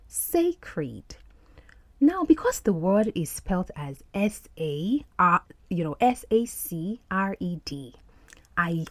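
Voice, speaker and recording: A woman teaching English over film clips, her pitch leaping up and down as she explains and repeats words for practice. The recording is dry and close, with no room sound. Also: fairly bright tone, no room sound. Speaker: podcast host and English teacher.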